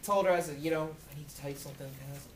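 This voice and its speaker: A man answering student questions in casual talk at a university, animated and acting out quoted dialogue from his own stories. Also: on the high side, very fast, slight background noise. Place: university lecture room.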